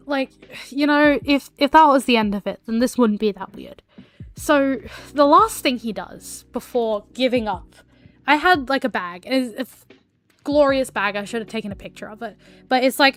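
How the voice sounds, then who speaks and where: A woman's voice: a little high, no room sound. A woman streamer telling a story casually while she draws, rambling with lots of fillers and swearing.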